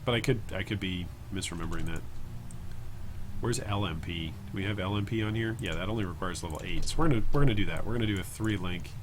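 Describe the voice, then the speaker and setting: A man's voice: sits low, fast talker, background noise. A man streaming a video game live, thinking aloud in a rambling, casual way and chatting with viewers between moves. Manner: thinks aloud, rambling self-talk with chat asides.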